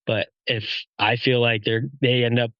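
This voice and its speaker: A man's voice: medium pitch, level tone, moderate pace, no echo, dull audio. A guest and father in a casual podcast chat, easygoing and eager, joking with his friends.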